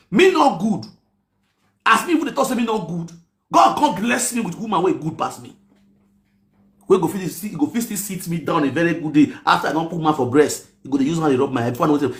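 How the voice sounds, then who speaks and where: A man with a Nigerian Pidgin accent ranting and mocking people on a live stream, often shouting. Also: a little high, echoey room.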